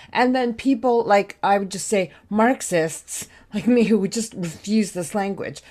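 Low-voiced American woman, halting delivery. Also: darkish tone. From United States. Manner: hesitant, many ums and restarts. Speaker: academic panel speaker. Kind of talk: remote discussion contribution.

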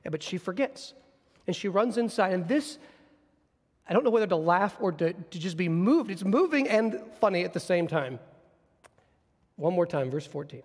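A man preaching a sermon, teaching from scripture in an animated storytelling manner. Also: sits high, normal speed, long pauses, big-room sound. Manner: animated, storytelling, acts out scenes.

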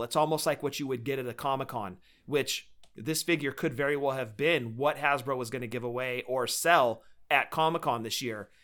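A man's voice: mid-range voice, fairly bright tone. A man co-hosting a podcast, chatting casually and with enthusiasm about collectible figures. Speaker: podcast co-host. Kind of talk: casual chat.

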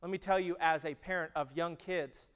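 A man in his thirties preaching a sermon, who moves from loud, emphatic stretches to hushed, intimate ones. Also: fairly high pitch, fairly even intonation, normal speed, clean tone. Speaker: pastor.

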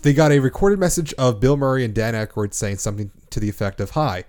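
A Canadian man hosts a relaxed podcast chat, working through his movie trivia notes. He talks at a middle pitch and stumbles over his words with plenty of fillers and restarts. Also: fast. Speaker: podcast host.

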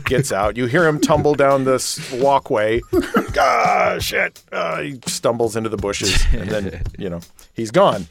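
A man narrating as game master of a tabletop game, animated and laughing easily. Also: medium pitch, a little slow, gravelly, background noise. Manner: animated, laughs between lines.

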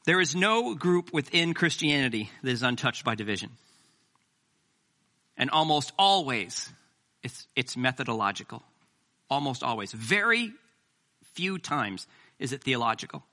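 A middle-aged man preaching a sermon as pastor, animated and joking with the congregation. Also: medium pitch, unhurried, pauses often.

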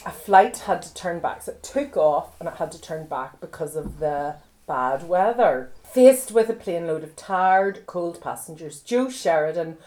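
A woman's voice: on the low side, animated, measured pace, mellow. Giggly tipsy woman podcast co-host. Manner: giggly, chatty, repeats herself. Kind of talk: casual chat, reading a story aloud.

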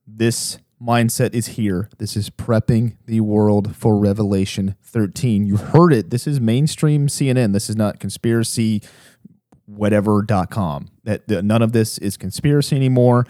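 Male podcast host, low-mid warm voice, urgent rapid delivery, dry close sound. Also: no echo. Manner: fast, urgent, self-interrupting. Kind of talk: religious podcast commentary.

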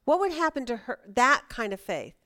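A woman's voice: high voice, sing-song, normal speed, bright, forceful tone. A woman teaching a Bible study class, chatty and emphatic, asking her students questions.

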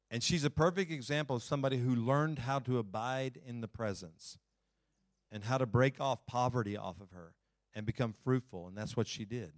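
A male pastor giving a lively sermon, talking straight to the congregation, with jokes and sudden loud, fiery stretches. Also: mid-range voice, no echo, clean studio sound. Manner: folksy, talks to the congregation directly.

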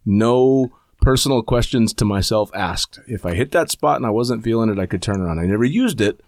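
A man's voice: fairly low pitch, brisk, a little mellow, no echo, studio quality. A man hosting a casual podcast, swearing freely in a laid-back way. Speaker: podcast host.

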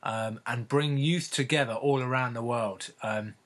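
A man telling a story in casual podcast chat, laughing often and filling pauses with ums and uhs. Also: mid-range voice.

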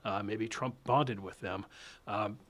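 A man hosting a political interview, asking questions in a brisk, animated, conversational way. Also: fairly low pitch. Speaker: host.

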